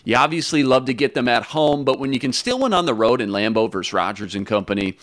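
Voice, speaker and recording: A man co-hosting a sports talk show, energetic and hyped as he ranks games. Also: medium pitch, fast talker, no room sound. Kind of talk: casual sports chat.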